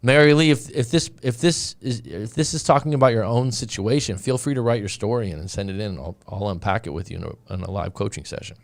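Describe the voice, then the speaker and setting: A man's voice: on the low side, fast talker, creaky, hardly any pauses. A man hosting a casual live stream as a dating coach, speaking, rambling with frequent restarts and asides as he reads viewer comments.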